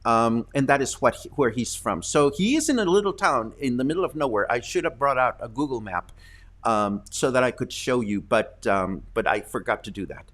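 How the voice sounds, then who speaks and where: Casting: a casual male live-stream host, mid pitch, talking loosely with many fillers. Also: expressive, moderate pace, a bit bright. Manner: chatty, rambling, lots of ums and uhs. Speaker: host of a live news show.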